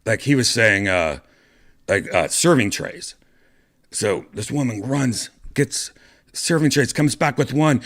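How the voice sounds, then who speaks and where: A man's voice: mid-range voice, lively intonation, slow, fairly bright tone. A man hosting a podcast, telling a story in a loose, rambling way, with lots of swearing, fillers and restarts. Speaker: podcast host. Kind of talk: casual storytelling monologue.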